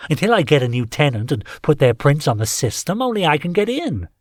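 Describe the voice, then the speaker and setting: A man's voice: fairly high pitch, very animated, a little fast, darkish tone, no echo, clean studio sound, pitched above the performer's own voice. A man voicing a weary, defiant human landlord who sighs and dodges questions. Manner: sighing, evasive, cocky.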